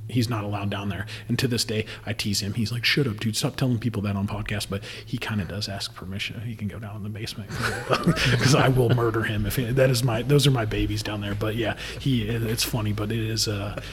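A man's voice: fairly low pitch, fairly even intonation, brisk, few pauses, long reverb tail, a crowd in the background. A man telling stories in casual podcast chat, rambling with fillers and laughing often. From Indiana. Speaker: distiller. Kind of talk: casual storytelling.

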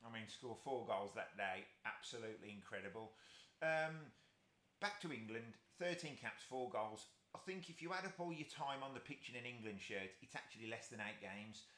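A man's voice: medium pitch, lively intonation, normal speed, pushed and bright. A man hosting a podcast, asking his guest questions with enthusiastic admiration. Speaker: podcast host. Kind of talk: interview questions. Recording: roomy echo.

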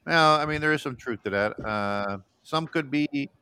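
Bright-voiced man reading comments. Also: a little high, normal speed, clear, resonant tone. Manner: calm, reads comments aloud. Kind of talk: casual chat.

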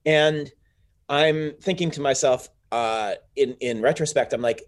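A man in casual podcast talk who rambles through asides and swears freely. He speaks with animation at an ordinary middle pitch. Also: a little slow. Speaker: podcast co-host. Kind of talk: casual chat.

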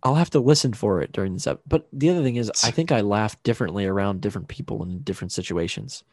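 A man's voice: lowish voice, quick pace, a little mellow, dry recording, clean studio sound. A young man co-hosting a podcast, chatting casually from home with a rambling, self-interrupting way of talking and the odd swear word. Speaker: podcast co-host. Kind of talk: casual chat. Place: home room with roommate nearby.

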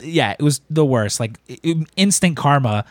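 A man hosting a podcast, telling a story in a casual, animated way and acting out the people he quotes. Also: on the high side, moderate pace, no echo. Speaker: podcast host.

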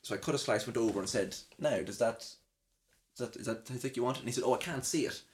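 A man's voice: mid-range voice, fast talker. A young Irish man hosting a podcast, rambling through funny anecdotes from his job, laughing at himself and mimicking the people involved. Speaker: podcast host. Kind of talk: comic storytelling chat.

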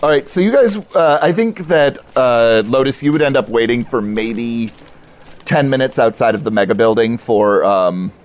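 Acting as game master, a man narrates a tabletop role-playing game in a medium-pitched voice, halting often and using many fillers.

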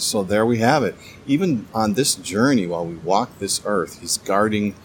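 Guy doing a casual bible devotional, kinda stammery but hyped, slightly low voice. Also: slight background noise. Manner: halting, stammers and restarts often; enthusiastic, keeps calling things cool. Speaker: Bible teacher.

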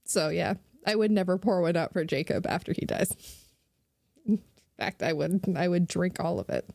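A woman's voice: fairly low pitch, moderate pace, creaky, a little mellow, no room sound, clean studio sound. A young adult woman, a podcast guest, ranting sarcastically and animatedly in casual chat.

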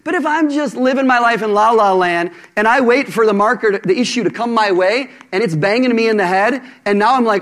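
A man preaching a sermon to a congregation, conversational and animated, with jokes and asides to the audience. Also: sits high, a little fast, few pauses.

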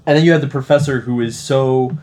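A man's voice: medium pitch, steady tone, fairly quick, darkish tone. A man with a mid-range voice talks about a film in a casual but earnest way. He builds his point steadily and keeps his tone sincere. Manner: earnest, acts out quoted lines. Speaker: podcast co-host.

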